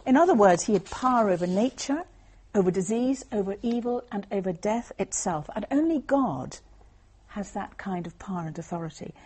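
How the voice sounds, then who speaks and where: A woman giving an earnest, measured Christian talk to a group, explaining Bible passages as she reads. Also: mid-range voice, animated, a little mellow, slightly rough. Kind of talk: evangelistic talk with Bible reading.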